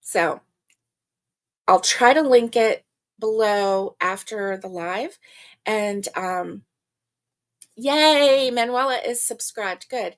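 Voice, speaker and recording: A woman's voice: mid-range voice, slow pace, pauses often. An older woman hosting a casual live stream, chatting, laughing often and greeting viewers by name. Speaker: livestream host.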